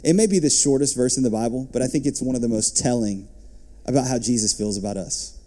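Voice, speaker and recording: A man as pastor, preaching a sermon and reading scripture, lifting his voice and dropping to soft asides. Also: medium pitch, fast.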